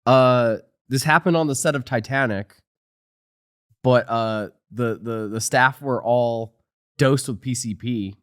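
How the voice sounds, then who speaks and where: A relaxed man from New Jersey co-hosting a podcast, rambling along in casual chat with easy jokes. His voice sits at a middle pitch and sounds close and dry, with no room echo. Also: slow pace, smooth. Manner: laid-back, joking, rambling. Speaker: podcast co-host.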